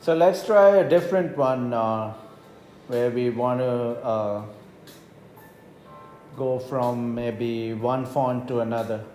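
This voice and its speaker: Male tutor voice-over, unhurried step-by-step explainer, mellow tone. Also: medium pitch, soft background music. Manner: unhurried, explains step by step with frequent "right?" checks. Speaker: math teacher. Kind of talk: screen-recorded coding tutorial. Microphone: voice-over on tablet whiteboard recording.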